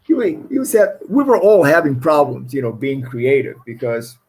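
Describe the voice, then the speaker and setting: A man's voice: mid-range voice, sing-song, moderate pace, a little mellow, husky, poor audio. A middle-aged man with a foreign accent, a guest musician telling stories in a rambling, laughing way, often restarting his phrases. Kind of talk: casual storytelling interview.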